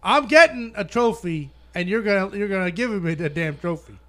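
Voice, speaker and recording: A man's voice: high voice, animated, moderate pace, bright, forceful tone. A man bantering with friends, boastful and gloating, swearing freely. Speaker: fantasy league winner. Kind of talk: casual banter among friends.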